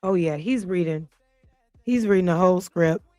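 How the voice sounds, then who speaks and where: A woman's voice: on the low side, moderate pace, mellow, no room sound, studio quality, faint music behind. A woman hosting a casual reaction show, talking in a blunt, profane, heated way. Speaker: host.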